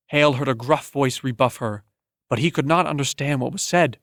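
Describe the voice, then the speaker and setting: A man narrating an audiobook in a steady, measured storytelling manner on a close studio mic. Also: medium pitch, no room sound. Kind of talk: scripted narration.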